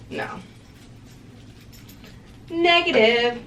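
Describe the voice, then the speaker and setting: A woman's voice: medium pitch, expressive, normal speed, fairly bright tone, a little hiss or hum. A young woman rambling and giggling as she chats casually to the camera in a vlog. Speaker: vlogger.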